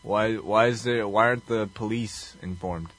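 A man's voice: lowish voice, steady tone, moderate pace, fairly bright tone. A man co-hosting a casual podcast, reacting with incredulous questions while discussing a movie. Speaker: podcast co-host. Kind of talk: casual movie recap chat.

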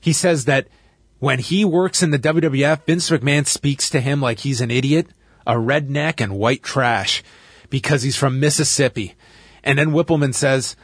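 A man's voice: on the high side, moderate pace, slightly rough, dry recording, clean studio sound. A Canadian man hosting a podcast, animatedly recapping events in casual chat and laughing along. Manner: animated storyteller who laughs while recapping. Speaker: podcast host.

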